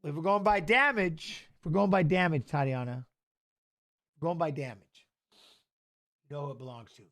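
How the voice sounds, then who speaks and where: A middle-aged man hosting a live fight watch-along, excitable and shouting at the fighters while chatting with viewers. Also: a little high. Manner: excitable, talks fast over the action, shouts at fighters. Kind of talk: live fight commentary and chat.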